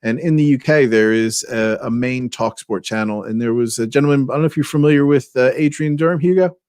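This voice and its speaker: A man co-hosts a casual podcast over a remote call. His voice is mid-pitched and unhurried, broken up by fillers and restarts, and the sound is dry and close to the mic. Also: darkish tone, no echo. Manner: hesitant, many fillers. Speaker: podcast co-host. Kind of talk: casual chat.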